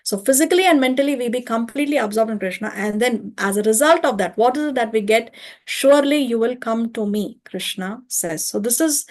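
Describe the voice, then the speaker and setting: A woman leading an online scripture study class, explaining step by step and often pausing to check with listeners. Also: on the high side. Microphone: video call or home mic.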